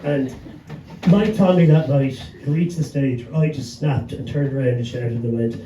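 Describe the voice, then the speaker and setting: An Irish man tells a story to a panel audience, swearing freely and chuckling as he goes. He sounds far from the mic in an echoey pub room, with a steady hum of background noise. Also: medium pitch, normal speed. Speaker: panelist, gig promoter. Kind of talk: anecdotal storytelling on a live panel. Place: pub venue with a live audience.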